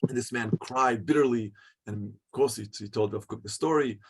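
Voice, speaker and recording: A man teaching a religious class as a rabbi, telling a story in an animated way with many restarts. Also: medium pitch, normal speed, slight background noise.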